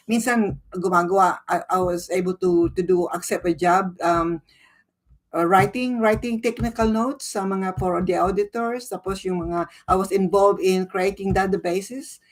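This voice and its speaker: A woman in her sixties with a Filipino accent, hosting a casual livestream and greeting viewers by name while switching between English and Tagalog. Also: medium pitch. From Philippines. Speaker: livestream host.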